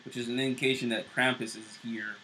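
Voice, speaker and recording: A man's voice: medium pitch, level tone, a little fast, bright, forceful tone, slight background noise, poor audio. A man co-hosting a show, casually recapping TV episodes with loose fillers and restarts. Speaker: show co-host.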